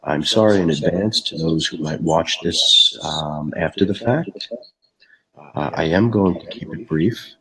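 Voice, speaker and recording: Low gravelly guy hosting a mock interview, hesitant, lots of ums, slow. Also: fairly bright tone, poor audio. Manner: self-deprecating, hesitant with many fillers. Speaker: host.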